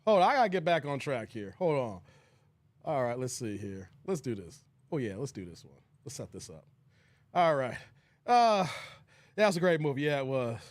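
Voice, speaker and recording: A man's voice: mid-range voice, normal speed, no room sound. A young man hosting a casual live stream, laughing and talking in loose slang with his chat. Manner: laughing hard, animated, slangy.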